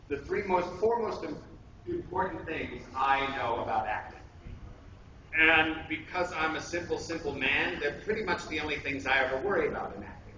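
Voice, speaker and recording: A male voice actor runs an acting workshop in a joking, self-deprecating, rambling way. His voice sits at a middle pitch and carries from far off. The sound is dull, with heavy room echo and steady noise from the convention room. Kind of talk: casual convention workshop talk.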